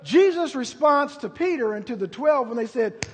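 A pastor preaching a sermon, moving from quiet storytelling to loud, drawn-out preaching. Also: male voice, very high voice, expressive, long reverb tail.

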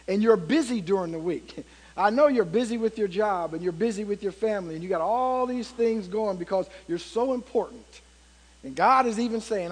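A man's voice: sits high, fairly quick, a little mellow. A man preaching a sermon as pastor, telling stories and reading scripture with rising emphasis and frequent fillers. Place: church sanctuary. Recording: long reverb of a church hall.

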